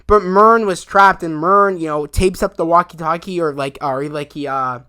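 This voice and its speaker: Animated, bright-voiced man recapping a show. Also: on the high side, normal speed, clean tone. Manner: rambling, animated retelling with many fillers and acted quotes. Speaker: video reviewer. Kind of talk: casual spoken episode recap.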